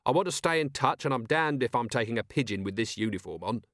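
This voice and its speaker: A man's voice: mid-range voice, animated, quick pace, fairly bright tone, no echo. A man voicing a tired, sarcastic middle-aged police commander in an audiobook. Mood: dry sardonic. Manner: dry, sarcastic.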